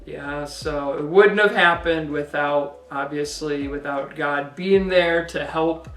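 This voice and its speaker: Man, co-host, easygoing storyteller, a bit high voice, roomy sound, mic set back, soft music behind. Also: slow pace, recorded from a distance. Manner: relaxed storytelling, many "you know" fillers. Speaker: co-host, husband. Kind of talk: casual podcast-style testimony. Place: home.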